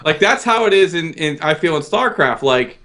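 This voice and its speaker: A man's voice: fairly high pitch, big pitch swings, normal speed, sharp tone, slight background noise. A man in his thirties in casual podcast chat, self-deprecating and rambling, often stammering and restarting his sentences. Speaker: guest co-host.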